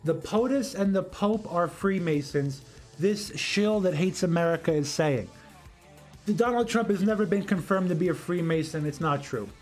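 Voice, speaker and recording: High-voiced argumentative man ranting on a livestream. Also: normal speed, darkish tone, soft background music. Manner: argumentative and rambling, repeats phrases. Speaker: political commentary host. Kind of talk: solo livestream commentary answering chat.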